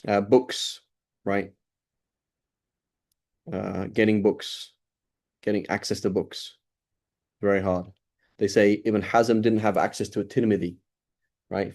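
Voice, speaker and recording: A man's voice: lowish voice, fairly even intonation, unhurried, pauses often, warm tone. A middle-aged man giving an informal lecture as an Islamic studies teacher, talking casually with many fillers and restarts.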